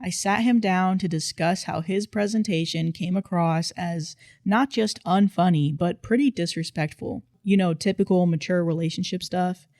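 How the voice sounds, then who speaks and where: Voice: mid-range voice, fairly even intonation, normal speed, few pauses, darkish tone, dry recording. A narrator reading online posts aloud in casual storytime style, with dry, playful emphasis.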